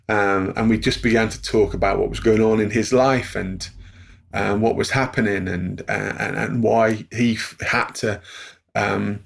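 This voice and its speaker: A middle-aged man tells a story on a podcast. His voice sits low and has a gravelly edge. He chuckles as he goes and plays the voices of the people in the story. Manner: chuckles through anecdotes, acts out quoted voices. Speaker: podcast guest. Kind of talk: storytelling in conversation.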